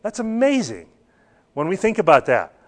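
A man's voice: sits high, huge pitch swings, moderate pace. A man teaching a church Bible class, talking earnestly and putting questions to his students.

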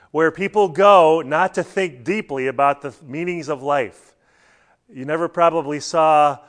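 A man delivers a sermon in an easy, talk-like manner, weaving in anecdotes. His voice sits a little on the high side. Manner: conversational preaching with anecdotes and light laughs. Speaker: pastor.

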